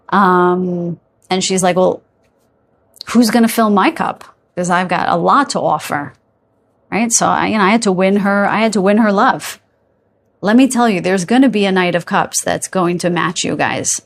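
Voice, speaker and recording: A woman's voice: medium pitch, slight background noise. A woman giving a casual tarot reading to her viewers, chatty and full of asides, often checking in with "okay?" and "you guys". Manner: yawns and laughs while talking. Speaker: tarot reader.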